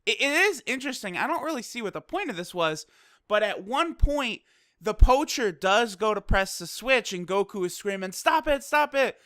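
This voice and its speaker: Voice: mid-range voice, expressive, moderate pace, bright, forceful tone, no room sound, studio quality. A casual anime episode reviewer recapping the plot, chatty and loose, swearing and laughing easily. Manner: loose, full of fillers like "you know".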